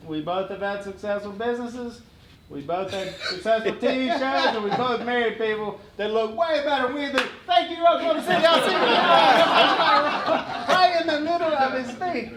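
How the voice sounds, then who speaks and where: A middle-aged guest speaker tells funny stories on stage at an event, his high, lively voice brisk and full of laughter as he animatedly acts out each character. Roomy hall echo, a clear wash of room noise, and crowd sounds fill the recording.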